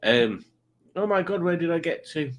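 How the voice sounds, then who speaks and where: A man's voice: fairly high pitch, animated, normal speed. A man hosting a casual live quiz stream, rambling along with jokey, self-mocking asides. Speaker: quiz show host.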